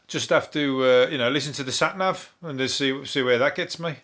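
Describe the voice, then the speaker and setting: A man with a Birmingham accent riffs through the news as a comedian host. He swears freely, laughs at his own jokes and drifts from one tangent to the next. His voice sits at an ordinary middle pitch. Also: a little fast, few pauses, fairly bright tone. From Birmingham, England. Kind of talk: rambling comic news monologue.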